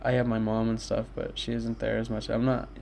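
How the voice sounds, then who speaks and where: A man's voice: fairly low pitch, monotone, a little fast, creaky, darkish tone, a little hiss or hum. Young man rambling candidly. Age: young adult. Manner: rambling, candid, swears often. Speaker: podcast host. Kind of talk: casual solo monologue. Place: his own room.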